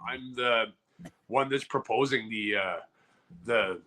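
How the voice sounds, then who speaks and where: A man's voice: medium pitch, slow pace, sharp tone. A man co-hosting a comedy podcast, telling rambling stories in casual chat and laughing as he talks. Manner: rambling, laughs mid-story.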